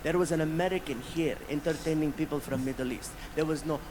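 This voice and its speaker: A man's voice: fairly high pitch, steady tone, fast. A man in his thirties telling a story on stage as a stand-up comic, acting out the people in it with energy. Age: 30s. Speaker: stand-up comedian. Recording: noisy stand-up show recording.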